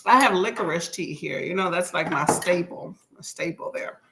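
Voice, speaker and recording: A woman's voice: lowish voice, normal speed, noisy background. A woman hosting a casual livestream from home, chatting with viewers, reading their comments aloud and answering them in a folksy way. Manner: folksy, addresses viewers as y'all. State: briefly coughing and stuffy. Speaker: livestream reading-sprint host. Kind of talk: casual live chat with viewers. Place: at home near the kitchen.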